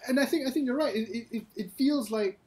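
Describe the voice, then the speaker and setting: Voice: mid-range voice, quick pace, a loud crowd. A co-host on a film podcast, agreeable and hesitant, often restarting sentences. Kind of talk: casual film discussion.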